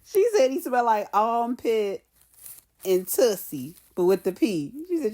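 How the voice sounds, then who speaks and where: A woman giving a casual commentary recap of a TV episode, telling the story lively, laughing and acting out the characters' lines. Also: a little high, unhurried. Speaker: TV show commentator.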